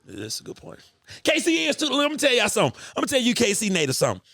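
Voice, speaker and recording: A man in his thirties hosting a podcast, telling stories in an animated, profane, bantering way. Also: very high-pitched, very fast, no echo. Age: 30s. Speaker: podcast host. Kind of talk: casual podcast chat.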